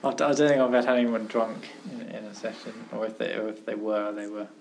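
Low dry guy dropping teasing quips on a podcast, slight background noise. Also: fairly even intonation, fast talker, vocal fry, a little mellow. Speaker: podcast co-host. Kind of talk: casual podcast chat.

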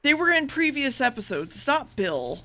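Woman, podcast co-host, bright voice, fast rambling recap, swears a lot. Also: sits high, very animated. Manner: rambling, profane recap with loose paraphrased dialogue; rushes her words. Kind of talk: casual chat.

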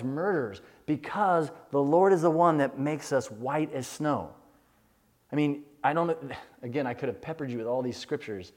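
A man's voice: medium pitch, darkish tone. Preaching man in a reverberant hall. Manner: preaches in rhythmic lists, voicing imagined prayers. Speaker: pastor. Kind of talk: sermon.

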